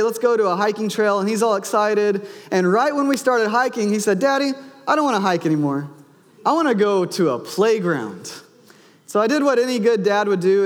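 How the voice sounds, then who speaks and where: A man in his thirties preaches a sermon, telling a family story and acting out the voices in it. His voice sits high for a man. A long hall reverb trails each phrase, as in a church sanctuary. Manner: storytelling, acts out his son's and his own lines. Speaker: pastor.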